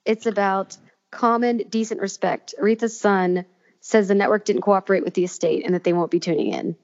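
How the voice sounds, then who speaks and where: A woman's voice: medium pitch, brisk, muffled recording. A woman co-hosting a podcast in casual chat, rambling with fillers and restarts. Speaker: podcast co-host.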